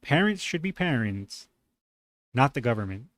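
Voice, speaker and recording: A man's voice: mid-range voice, big pitch swings, normal speed, fairly bright tone, dry recording, studio quality. A man hosting a reaction video, commenting casually with sarcasm and indignant rhetorical questions.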